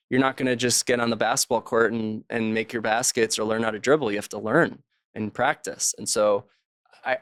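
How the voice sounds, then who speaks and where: A man's voice: medium pitch, fairly bright tone, smooth, no echo, studio quality. A man, an author, talking casually as a guest in an interview and telling anecdotes, slipping into the voices of the people he quotes.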